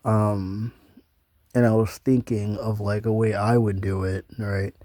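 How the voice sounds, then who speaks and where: A man's voice: on the low side, flat delivery, a little slow, warm tone, dry recording, clean studio sound. A young man talking in a loose, meandering casual monologue, full of ums and offhand swearing. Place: small room, flipping through notebook pages.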